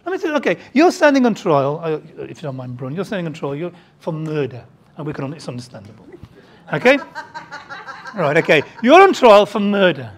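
A preacher delivers a sermon with a lively, rising and falling pitch. He hammers home points with rhetorical questions, swinging from loud outbursts to quiet, hushed asides. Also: a little fast, a little hiss or hum. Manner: emphatic, full of rhetorical questions.

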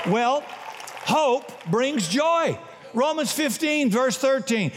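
A man preaching a sermon in a folksy, punchy way, often rising to shouts and telling jokes. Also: high voice, sing-song, unhurried. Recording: long hall reverb.

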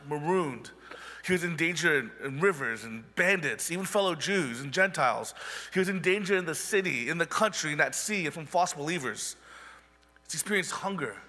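Casting: high-pitched male pastor, conversational sermon, reverberant church hall. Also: pushed and bright. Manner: conversational preaching with wry asides.

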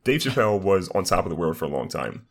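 A man's voice: deep voice, very animated, fast. A young man who is a streamer guest on a podcast, chatting casually in an upbeat, rambling way full of "like" fillers. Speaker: guest, streamer and content creator.

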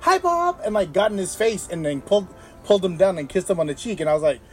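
A man's voice: high voice, quick pace, dark tone, faint music behind. A man from the Bay Area chatting casually with friends, using laid-back slang and laughing. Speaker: friend in group chat. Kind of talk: casual chat.

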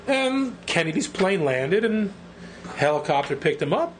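Middle-aged man, New York accent, fairly high voice, swearing storyteller, faint background noise. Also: measured pace. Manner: profane, animated storyteller who acts out quotes. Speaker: guest, band singer. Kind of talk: casual storytelling interview.

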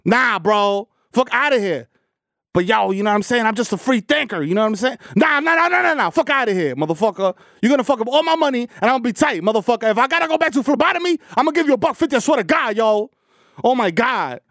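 A man's voice: very high voice, expressive, racing, fairly bright tone, no room sound. A man co-hosting a comedic podcast, delivering a profane, ranting comic bit in a studio. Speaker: podcast co-host. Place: recording studio.

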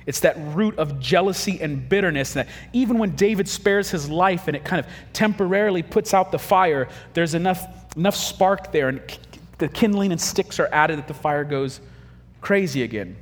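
Husky-voiced pastor preaching in a hall. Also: male voice, on the high side. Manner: animated storytelling, acting out quick quoted voices. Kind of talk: humorous conversational sermon.

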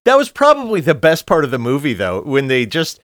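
A man's voice: a little high, wildly swooping pitch, brisk, a bit bright, no echo. Dismissive man, dry close sound. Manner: critical, dismissive. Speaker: podcast co-host. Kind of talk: casual chat.

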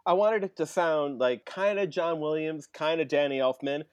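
A man's voice: on the high side, normal speed, smooth, no echo. Dry-voiced male podcast co-host. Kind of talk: casual podcast chat.

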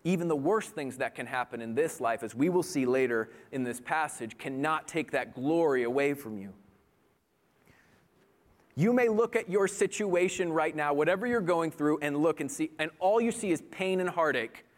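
Earnest male preacher, slightly high voice. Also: moderate pace. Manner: earnest, rising to impassioned pleading. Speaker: pastor. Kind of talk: sermon.

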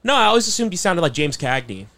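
A man co-hosting a podcast, tossing out quick one-liners in casual chat. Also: high voice, sing-song, bright, forceful tone, dry recording. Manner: quippy, throws in odd one-liners. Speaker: podcast co-host.

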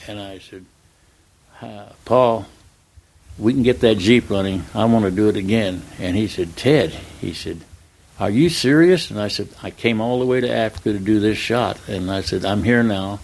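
Older male storyteller, lowish voice, unhurried anecdote with quoted dialogue. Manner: relaxed, plain-spoken anecdote telling with quoted dialogue. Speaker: retired stuntman guest. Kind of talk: storytelling in an interview.

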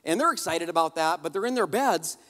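A man preaching a sermon, telling a humorous family story in an animated, conversational way and addressing the crowd directly. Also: fairly high pitch, brisk, long reverb tail. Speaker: pastor.

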